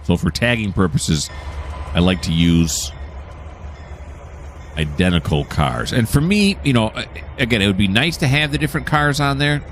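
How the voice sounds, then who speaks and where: Low-voiced man rambling over gameplay. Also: expressive, moderate pace, pauses often, slight background noise. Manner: rambling, self-correcting, chatty. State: hiccuping. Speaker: gameplay host. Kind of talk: casual game commentary.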